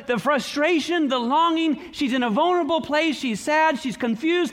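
A man's voice: extremely high pitch, normal speed, few pauses, a bit bright. A man preaching a sermon, reading scripture aloud and adding short emphatic comments. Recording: long hall reverb.

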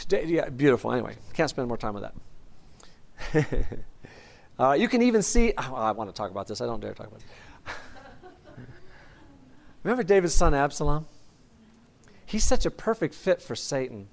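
A man teaching a Bible study in a chatty, enthusiastic sermon style, often asking his listeners questions. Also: fairly high pitch.

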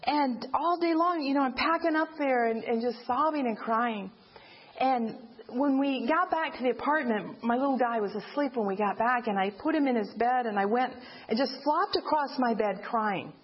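High husky woman telling her faith story, earnest and plain, dull lo-fi sound. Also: moderate pace. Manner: earnest storytelling, rising pitch when reliving her cries. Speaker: widow giving a testimony. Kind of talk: personal faith testimony. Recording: dull lo-fi recording.

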